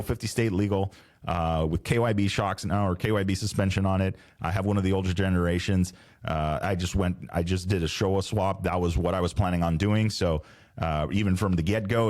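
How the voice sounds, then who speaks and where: Low-voiced rambling man hosting a podcast. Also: darkish tone. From Southern California. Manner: rambling, self-correcting, laid-back slang. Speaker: podcast host. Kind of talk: casual solo podcast chat. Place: home podcast studio.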